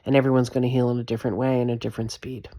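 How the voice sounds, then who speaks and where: A woman's voice: a bass voice, little pitch movement, very fast, warm tone, no room sound, clean studio sound. A woman giving an impassioned vlog rant, emphatic and repetitive, swearing freely. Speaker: vlogger.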